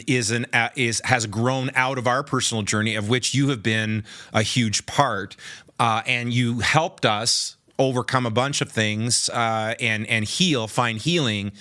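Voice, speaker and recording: A man's voice: lowish voice, pushed and bright. A man co-hosting a podcast, speaking reflectively about personal growth in casual chat. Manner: reflective, with many "uh" fillers. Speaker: podcast co-host.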